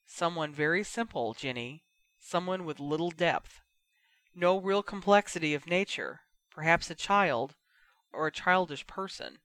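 Casting: man doing a steady, gentle mentor, measured and quiet, dry close mic. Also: on the high side, dry recording. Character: patient, wry older male teacher. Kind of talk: audiobook character voice.

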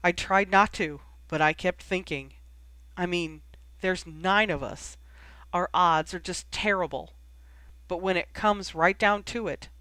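A reader voicing a grief-stricken young man who talks in a choked, halting way. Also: mid-range voice, dry recording, lightly acted. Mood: grieving. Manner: choked, halting, breaking into sobs.

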